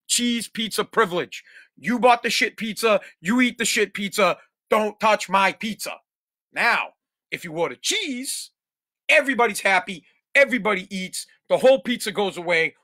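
A man hosts a solo podcast and rants at length, swearing and sounding exasperated. His voice is bright and fairly high, and the sound is close and dry. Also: no room sound. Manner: profane, exasperated ranting. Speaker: podcast host. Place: home.

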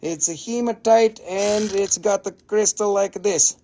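This excitable man gushes over each crystal on his live sales stream, swearing without restraint. He speaks a little slowly, in a voice that runs fairly high for a male.

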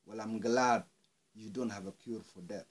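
Angry husky man ranting. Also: lowish voice, steady tone, normal speed. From South Sudan. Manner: angry, swearing, rising to shouted outbursts. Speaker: speaker airing grievances. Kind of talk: impassioned monologue.

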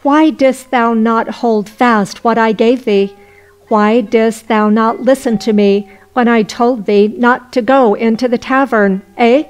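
A woman's voice: a little high, steady tone, takes it slowly, clear, resonant tone, rough recording. A woman voicing an old male wind spirit who scolds a drunkard. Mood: scolding. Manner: stern, scolding.

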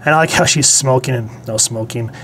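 A man's voice: medium pitch, brisk, fairly bright tone, a little hiss or hum. A man giving a casual spoken comic book review, chatty and digressive, blunt, with casual swearing.

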